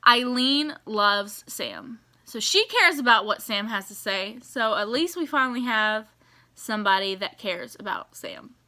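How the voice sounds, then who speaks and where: A woman giving casual, animated reaction commentary on a TV episode, exasperated and swearing as she rants. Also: on the high side, a little slow. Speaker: TV reaction vlogger.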